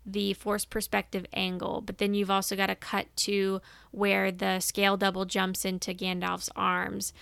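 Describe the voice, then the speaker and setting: Gravelly-voiced chatty woman podcaster. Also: mid-range voice, monotone, unhurried, few pauses, a bit bright, dry recording. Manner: chatty, rambling, enthusiastic. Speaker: podcast co-host. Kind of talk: casual chat.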